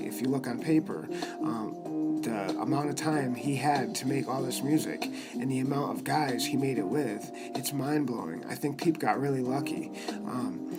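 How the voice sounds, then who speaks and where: A man's voice: medium pitch, poor audio. A man giving passionate, profane commentary on a rapper's music, rambling with many fillers. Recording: loud music under the voice.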